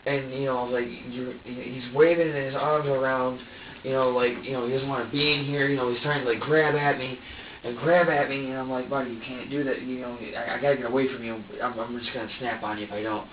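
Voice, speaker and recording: A man's voice: medium pitch, flat delivery, slight background noise. Stammering man heard from far off. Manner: halting, stammering, many restarts; acts out his own past words. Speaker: suspect being questioned. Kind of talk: police interrogation. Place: interrogation room. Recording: distant echoey phone-like archive audio.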